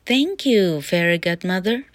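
A woman's voice: fairly low pitch, expressive, normal speed, dry recording, natural voice. A woman reading the lines of the young girl Cinderella in a raised storybook voice. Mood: grateful.

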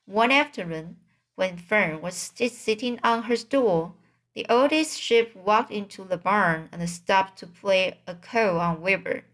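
Slow, halting woman reading aloud. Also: mid-range voice, fairly bright tone. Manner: careful, halting, slips and restarts. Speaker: reader. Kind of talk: audiobook reading practice.

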